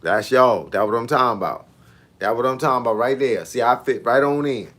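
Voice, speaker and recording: A man's voice: mid-range voice, a little fast, fairly bright tone. A man, a fitness coach chatting casually with viewers on a livestream in laid-back, slangy banter. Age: 50s.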